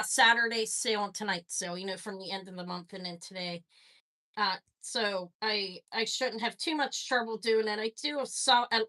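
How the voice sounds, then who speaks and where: A woman's voice: a little high, bright, forceful tone. A woman hosting a live jewelry sale stream, chatting casually and rambling as she greets viewers by name.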